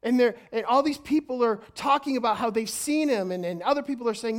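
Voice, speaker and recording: A woman preaching a sermon in an energetic way, often stumbling and repeating words as she goes. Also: on the high side, fairly quick.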